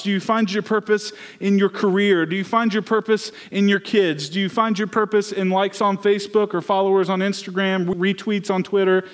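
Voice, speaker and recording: A man preaching a sermon as pastor, earnest and personal, telling his own story. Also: high voice.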